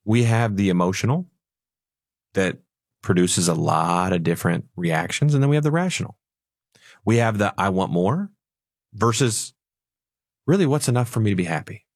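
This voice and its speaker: A man's voice: on the low side, animated, fairly quick, no room sound, clean studio sound. A man co-hosting a retirement finance radio show, telling stories and acting out little voices playfully. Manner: storytelling, acts out voices playfully.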